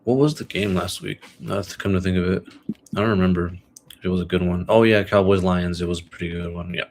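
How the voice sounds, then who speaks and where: A man's voice: sits low, steady tone, quick pace, darkish tone, slight background noise. A young man hosting a solo podcast, chatting about his week and sports picks in a rambling, laid-back way full of fillers. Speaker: podcast host. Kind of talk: casual solo podcast chat.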